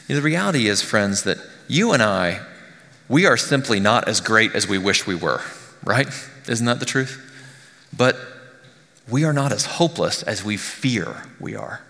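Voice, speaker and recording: A male pastor giving a conversational sermon, often dropping to a hushed near-whisper on key lines. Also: mid-range voice, expressive, moderate pace, big-room sound. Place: church sanctuary.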